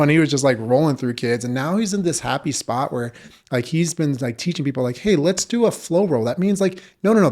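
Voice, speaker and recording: A man's voice: mid-range voice, vocal fry, a little mellow. Casual rambling man telling stories. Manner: rambling, filler-heavy, swears casually. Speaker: podcast guest, jiu-jitsu coach. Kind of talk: casual storytelling chat.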